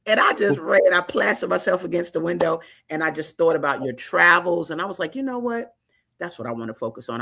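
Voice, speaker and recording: Excitable woman hosting a talk show. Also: extremely low pitch. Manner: excited, playful slang-heavy talk. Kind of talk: casual interview.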